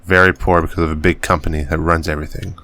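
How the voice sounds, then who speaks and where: A man giving casual, relaxed commentary while playing a game. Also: extremely low pitch, quick pace. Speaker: gaming channel host.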